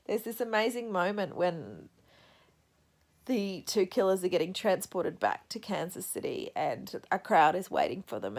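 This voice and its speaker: Soft-spoken woman book vlogger with gravelly fry. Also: lowish voice. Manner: reflective, soft-spoken, halting. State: teary after crying. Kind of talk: casual reading vlog.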